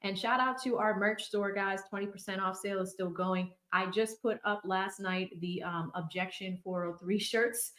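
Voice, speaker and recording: A woman in her thirties with a Boston accent talks through casual commentary in a chatty, conversational way, scattering fillers as she goes. Her mid-pitched voice sits in a roomy, echoing space. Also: steady tone, normal speed, few pauses, a bit bright. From Boston area. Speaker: legal commentary host. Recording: roomy echo.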